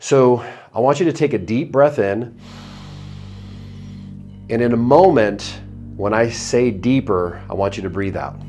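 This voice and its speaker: A man teaching hypnosis in a video lesson, chatty between guided breathing cues, then slowing into a low, drawn-out voice for suggestions. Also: darkish tone, soft background music. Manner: drops into slow low trance voice for suggestions; conversational, upbeat between demonstrations.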